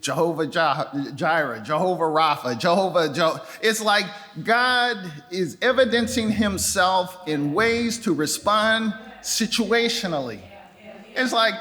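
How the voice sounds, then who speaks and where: An older man preaching a sermon in a church sanctuary, his voice fairly high for a man. His delivery is loose and conversational, and he slips into playful acted-out voices. A long reverb from the hall trails after his words. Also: a little slow. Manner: conversational and animated, acting out voices with pitch jumps. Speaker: pastor.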